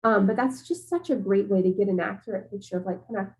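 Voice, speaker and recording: A woman walks teachers through classroom practice in an easygoing, chatty webinar voice. She talks casually and fills her pauses with "um" and "you know". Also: mid-range voice, low-quality recording. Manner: casual, conversational, many fillers. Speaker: teacher trainer. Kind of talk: professional development webinar talk.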